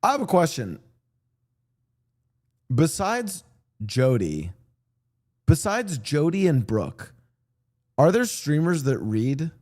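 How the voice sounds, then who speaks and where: Rambling young man with a lively voice. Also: on the high side, takes it slowly, long pauses. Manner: rambling, many "like" fillers and restarts; crude, joking. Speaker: streamer. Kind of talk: casual chat while streaming.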